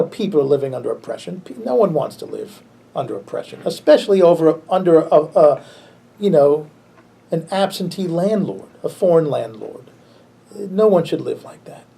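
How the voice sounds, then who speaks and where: A man, a pastor, teaching a Bible class in a relaxed, conversational way, chuckling often and restarting his sentences. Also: a little high, creaky, husky.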